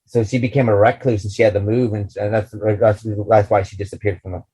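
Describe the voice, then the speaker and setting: A man's voice: on the low side, steady tone, fast talker, mellow, poor audio. A man co-hosting a podcast, telling rambling anecdotes in casual chat with many restarts and fillers. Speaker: podcast co-host.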